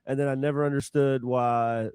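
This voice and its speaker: A man co-hosting a podcast, joking with quick asides in casual chat. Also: mid-range voice, little pitch movement, darkish tone, clear, resonant tone, no echo, studio quality. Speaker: podcast co-host.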